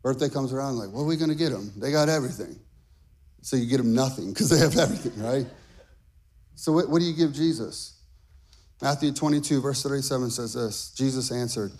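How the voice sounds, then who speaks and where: A pastor preaching a sermon, his voice climbing into shouted, half-sung phrases. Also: mid-range voice.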